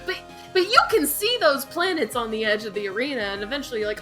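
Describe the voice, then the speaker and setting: A woman with a bright, fairly high voice chats on a casual podcast. She is blunt and enthusiastic, swearing as she weighs one boss fight against another. Faint music runs underneath. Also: sing-song, quick pace. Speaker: podcast co-host. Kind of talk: casual chat.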